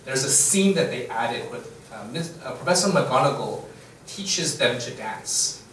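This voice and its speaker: A man's voice: mid-range voice, measured pace, slight background noise. A man hosting a livestreamed English lecture, talking casually with frequent fillers and chuckles. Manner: relaxed, chuckling, full of fillers. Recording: echoey room from far off.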